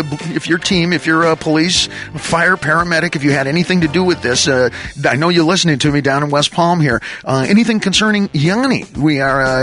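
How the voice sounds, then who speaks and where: A man's voice: a little high, pushed and bright. A man hosting a radio talk show, riffing and joking loosely with his crew and laughing between lines. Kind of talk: rambling comic radio talk. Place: radio studio.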